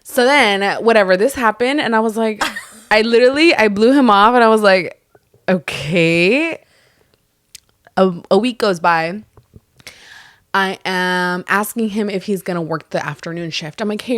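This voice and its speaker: A woman's voice: fairly low pitch, no room sound, clean studio sound. A young woman co-hosting a podcast, telling a workplace story in casual chat, acting out quotes and swearing freely. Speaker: podcast co-host.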